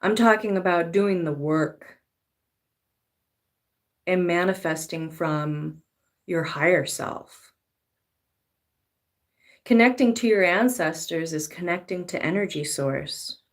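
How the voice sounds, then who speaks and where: Woman reading tarot, slow and laid back, swears a lot, spiritual rambling. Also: on the low side. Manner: unhurried, swears casually, acts out pleading voices. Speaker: tarot reader. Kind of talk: spiritual monologue.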